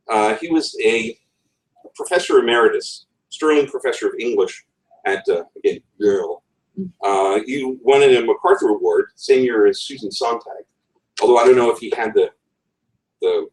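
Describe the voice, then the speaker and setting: Man presenting wryly in a roomy hall. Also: mid-range voice. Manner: wry asides, talks with a chuckle. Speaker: conference speaker. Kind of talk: presentation on writing. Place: conference room. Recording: roomy, from far off the mic.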